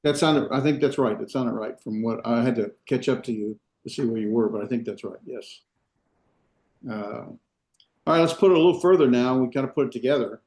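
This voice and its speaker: Mellow-voiced man lecturing a class. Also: mid-range voice. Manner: unhurried, many fillers and restarts, explains step by step. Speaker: Hebrew instructor. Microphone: video call.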